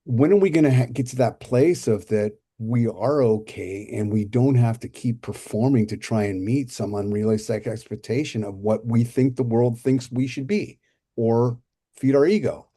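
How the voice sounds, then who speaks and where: A man's voice: medium pitch, moderate pace, warm tone, husky. A man hosting a podcast conversation, speaking reflectively about his own past. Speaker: podcast host and coach. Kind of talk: casual interview chat.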